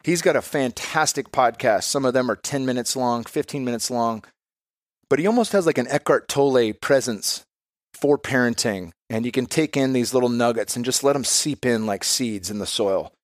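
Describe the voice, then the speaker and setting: A man's voice: mid-range voice, normal speed, no echo, clean studio sound. A man in his thirties, a podcast guest and father, talking in a candid, reflective way and swearing casually.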